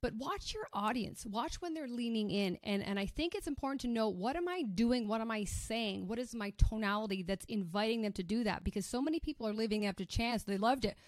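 A woman sales coach in a casual podcast conversation, talking in an animated, emphatic way with quick restarts. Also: a little high, dry recording, clean studio sound.

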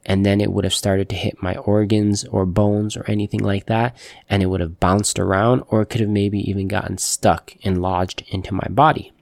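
A young man with a low, gravelly voice, recorded dry and close. He recounts his own story in halting casual speech. He restarts often and leans on fillers. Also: level tone, darkish tone, no room sound. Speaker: shooting survivor telling his story. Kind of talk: personal storytelling.

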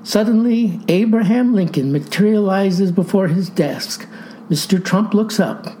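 A woman's voice: medium pitch, unhurried, warm tone, a little hiss or hum, poor audio. A woman reading a satirical comedy script, with a theatrical, mock-grand delivery. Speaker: narrator.

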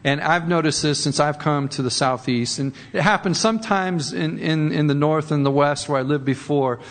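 A man's voice: fairly high pitch, normal speed, long reverb tail. A man preaching a sermon in a conversational way, often repeating words and rising for emphasis. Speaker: pastor.

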